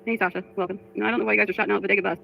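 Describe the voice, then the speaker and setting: A woman's voice: mid-range voice, fairly even intonation, very fast, gravelly. A woman livestreamer talking casually to her chat, frustrated, reading comments aloud. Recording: dull lo-fi stream audio.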